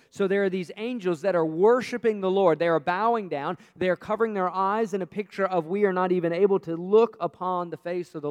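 A man preaches a sermon in a smooth, resonant voice pitched a little high. He swings from loud, emphatic lines down to quiet, hushed passages. The sound carries a long reverb from a large hall. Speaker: pastor.

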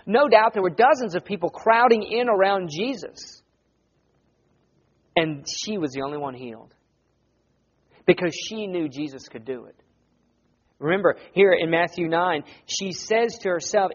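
Earnest, fairly high-voiced male preacher. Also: measured pace, pauses often, dull audio. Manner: earnest, conversational preaching that rises to loud emphasis. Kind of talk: sermon.

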